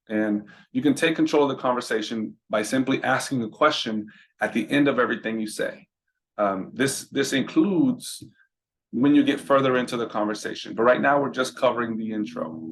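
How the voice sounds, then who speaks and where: A man giving casual instructional talk on answering business calls, conversational and full of repeated "right?" checks. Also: medium pitch. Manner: conversational, repeats words, asks "right?" often. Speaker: roadside business trainer.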